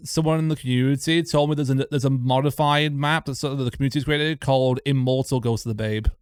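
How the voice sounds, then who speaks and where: Male co-host, mid-range voice, relaxed explainer, dry close sound. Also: mid-range voice, fast, smooth, no echo. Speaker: podcast co-host and streamer. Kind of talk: casual chat.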